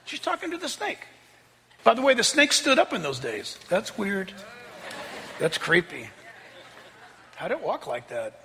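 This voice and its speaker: A man preaching with a high, bright voice that swoops up and down and turns gravelly at the edges. He talks conversationally and slips in jokes. A long reverb trails his words over faint music. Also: unhurried, long pauses, a little hiss or hum. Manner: animated, conversational, joking asides. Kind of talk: sermon.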